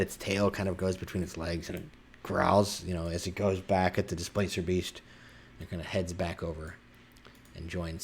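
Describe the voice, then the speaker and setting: A man narrating as game master in a tabletop game, describing scenes in animated bursts with a husky voice. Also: low-pitched.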